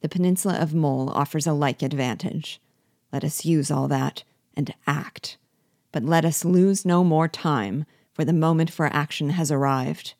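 A woman reading the lines of a forceful veteran male officer, urgent and commanding. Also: sits low, moderate pace, no echo, clean studio sound.

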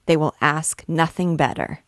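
Woman voicing a boastful male poet, low, slow, rambling, very close and dry. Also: dry recording. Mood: musing. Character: vain chattering male poet, pleased with himself.

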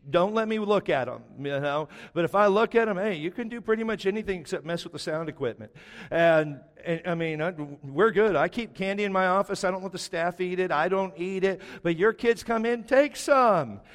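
A man's voice: high-pitched, lively intonation, moderate pace, in a large hall. A man preaching a sermon as a pastor, talking in a loose, conversational way and reading scripture aloud with emphasis.

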